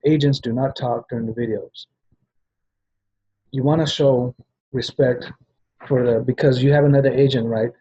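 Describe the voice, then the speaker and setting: A man's voice: mid-range voice, warm tone, breathy edge, muffled recording. A man giving a rambling training talk to sales agents, often restarting and checking in with "right?". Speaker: business trainer at a travel party.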